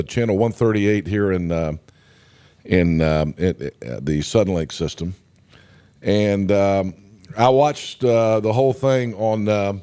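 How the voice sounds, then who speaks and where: Hoarse, chatty radio host with a cold. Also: male voice, on the low side, a little mellow. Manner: rambling, chatty, many fillers. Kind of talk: casual morning show banter.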